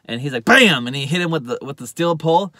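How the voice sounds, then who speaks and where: A man recapping a TV episode in a casual, rambling way. He fills his speech with "uh" and "you know" and acts out quoted lines louder and higher. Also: fast talker, no echo. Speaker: TV show reviewer.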